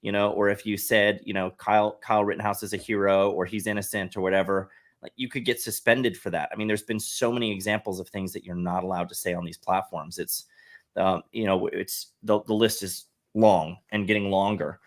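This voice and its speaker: A podcast guest who runs a satire site speaks in a lowish, fairly even voice at a fairly quick clip. He talks at length in a casual podcast conversation, explaining things earnestly and often restarting his sentences.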